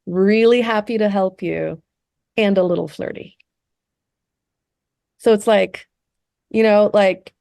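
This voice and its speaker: A woman's voice: mid-range voice, unhurried, gravelly, pauses often, a little mellow, no echo, studio quality. A woman leading a group session, talking casually with many fillers and frequent "right?" tag questions. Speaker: meditation session leader.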